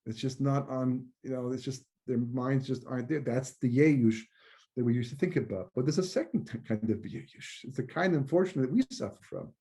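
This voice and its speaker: A man's voice: medium pitch, fairly quick, dark tone. A man, a rabbi giving a Torah lecture in a conversational way, often repeating words and mixing in Hebrew terms. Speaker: rabbi and teacher.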